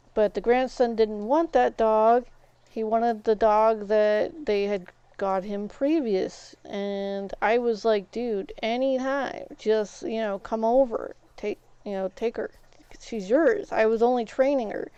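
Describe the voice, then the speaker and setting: Chatty woman streamer, smooth mellow voice. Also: fairly high pitch, dry recording, muffled recording. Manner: rambling, animated retelling full of "I was like". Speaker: game streamer. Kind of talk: casual storytelling while streaming.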